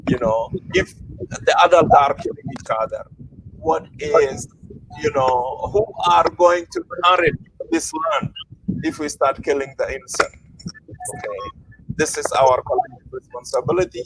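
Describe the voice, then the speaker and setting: A man hosting an online interview, speaking in an earnest, reflective and measured way. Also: on the high side, huge pitch swings, a bit bright, a little hiss or hum, poor audio. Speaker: host.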